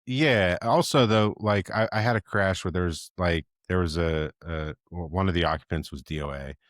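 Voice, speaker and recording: A man's voice: low-pitched, normal speed, no echo, studio quality. A man co-hosting a podcast who is a paramedic, talking in a laid-back, joking way with lots of fillers. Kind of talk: casual chat.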